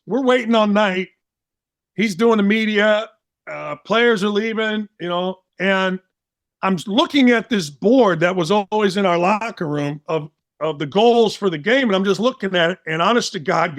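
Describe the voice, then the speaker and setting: A man in his sixties with a Midwestern American accent, telling a story in a casual interview and acting out quotes in lively voices. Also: sits high. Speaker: sports talk host, guest storyteller.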